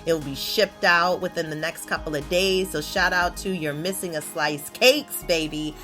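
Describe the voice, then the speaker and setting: A woman, hosting a casual solo podcast in a brash, profane, animated way with sudden loud outbursts. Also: fairly low pitch, moderate pace, faint music behind. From Baltimore area, USA. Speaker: podcast host.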